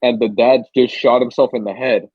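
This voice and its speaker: A young man hosting a casual podcast, his voice husky and a little breathy. He tells stories with animated energy, swearing freely and acting out the screams and gasps. The sound is dry and a bit dull, like a cheap mic. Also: medium pitch, moderate pace, dry recording. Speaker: podcast co-host. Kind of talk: casual chat.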